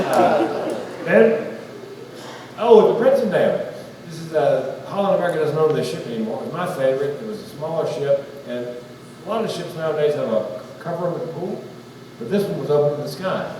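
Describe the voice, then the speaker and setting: A man's voice: fairly high pitch, animated, fairly quick. Southern man doing stand-up in a hall. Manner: storytelling, acts out voices in quotes. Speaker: stand-up comedian. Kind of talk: stand-up comedy with slides. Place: large hall on stage. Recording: roomy hall from a distance, audience noise.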